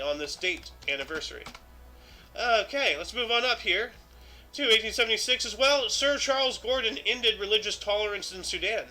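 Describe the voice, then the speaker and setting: Bright-voiced man hosting a casual history stream. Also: high-pitched. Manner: reads dates aloud then adds offhand asides, many fillers. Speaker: show host. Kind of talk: casual history livestream commentary.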